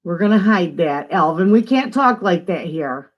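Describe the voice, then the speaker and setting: An older woman from northern Michigan, USA, hosts a homestead channel live stream from her home, away from the living room, casually greeting viewers and reading their comments aloud. Her voice is fairly low with lively intonation and a moderate pace, and the sound is lo-fi.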